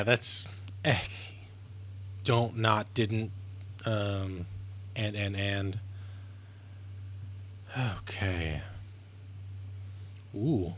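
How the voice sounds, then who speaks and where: Slow, tired man streaming casually. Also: fairly low pitch, fairly bright tone, a little hiss or hum. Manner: rambling, swears freely. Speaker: streamer learning a language. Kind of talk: casual live-stream talk.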